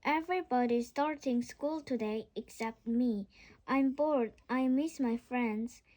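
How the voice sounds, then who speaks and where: A woman's voice: a little high, slow, darkish tone. A woman voicing an eager, friendly young girl witch while reading a storybook aloud.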